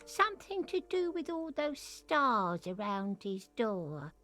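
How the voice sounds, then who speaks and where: A woman's voice: big pitch swings, slow, bright, forceful tone, faint music behind, exaggerated voice. A woman voicing a gossipy, grumbling old cleaning lady from a video game, talking in a chatty, scolding way. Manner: chatty, scolding, with sudden high squeals. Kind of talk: voicing game dialogue on a stream.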